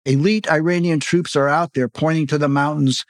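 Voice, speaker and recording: A bold, commanding female secret agent who snaps out clipped orders, voiced by a man reading his own novel aloud. The voice sits a bit high for a man and is recorded dry and close, with no room sound around it. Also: steady tone, moderate pace, no room sound, lightly acted. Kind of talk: audiobook reading.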